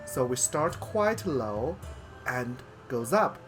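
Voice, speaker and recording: Slow-talking male pronunciation teacher. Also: medium pitch, big pitch swings, soft background music. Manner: slow, drawn-out demonstrations of vowel tones. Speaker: host and language teacher. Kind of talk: pronunciation lesson.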